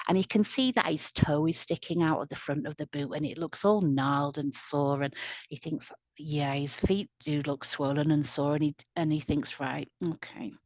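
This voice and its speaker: Woman telling a slow, soothing tale. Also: low voice, dry recording. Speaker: storyteller at a community event. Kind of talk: oral storytelling.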